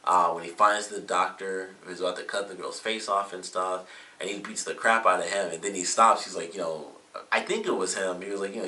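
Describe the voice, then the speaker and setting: Low-voiced dude rambling thru a tv episode review, kinda bright edge, sounds far from the mic. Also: male voice, normal speed. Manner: rambling, with many fillers and self-corrections. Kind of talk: casual solo review. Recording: roomy echo, mic at a distance.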